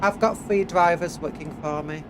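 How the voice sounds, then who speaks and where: Man, English accent, high voice, sniffly, casual streamer chatter, humming, truck engine noise behind. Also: steady tone, normal speed. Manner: chatty, reads chat aloud, hums little tunes while driving. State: sniffly from hay fever. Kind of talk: casual gameplay live-stream chat.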